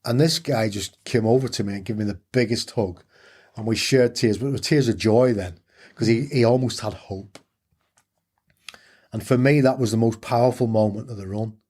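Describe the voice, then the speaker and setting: A man's voice: lowish voice, moderate pace, darkish tone. A middle-aged man, telling his story candidly and earnestly as an interview guest, repeating phrases for emphasis.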